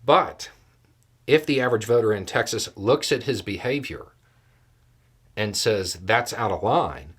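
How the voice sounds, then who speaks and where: Measured low-voiced male political commentator. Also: animated, fairly bright tone, breathy edge. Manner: measured, deliberate, laying out scenarios step by step.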